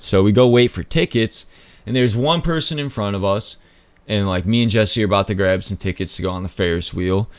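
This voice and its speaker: A man hosting a podcast, telling a story in a loose, casual way, full of "like" and swearing, with sudden pitch jumps when he acts out other people. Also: fast talker, smooth, no echo. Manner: loose, filler-heavy talk with lots of "like" and swearing. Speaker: podcast host.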